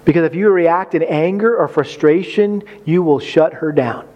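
A man's voice: fairly high pitch, moderate pace, dull audio. A man preaching on marriage in a folksy, conversational way, acting out quotes with humor. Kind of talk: sermon.

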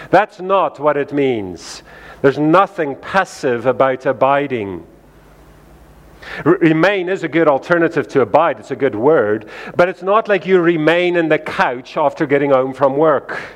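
A man's voice: a little high, long reverb tail. A male pastor preaching a sermon in a conversational way, often acting out what people say in lifted voices.

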